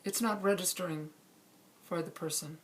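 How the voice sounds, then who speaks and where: A middle-aged woman calmly telling a true personal story, with measured pauses. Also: fairly low pitch. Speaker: speaker sharing a personal story.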